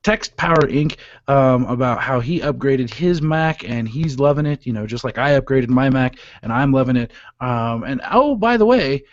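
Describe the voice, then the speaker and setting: A man hosting a technology radio show with jokey, casual talk and quick sponsor reads. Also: mid-range voice, expressive, no room sound, lo-fi sound. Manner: jokey, laughing, fast ad reads.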